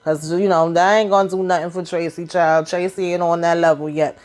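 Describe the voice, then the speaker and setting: A woman's voice: fairly low pitch, steady tone, brisk, a little mellow. Sassy chatty woman recapping TV. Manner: chatty, sassy, retells scenes in voices. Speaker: TV recap vlogger. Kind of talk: casual TV recap.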